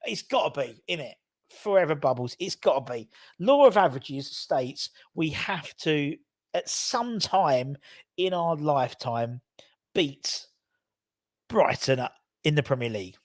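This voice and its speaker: A man hosting a live football fan show, chatting casually, animated and sweary, reading viewer comments aloud. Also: fairly high pitch, a little slow, no room sound, studio quality. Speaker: fan channel host. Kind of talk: casual live matchday chat.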